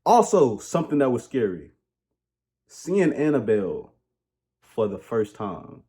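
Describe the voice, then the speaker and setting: A man giving a casual comedic movie review, rambling, joking and ranting in an animated way. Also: mid-range voice, a little slow, slightly rough.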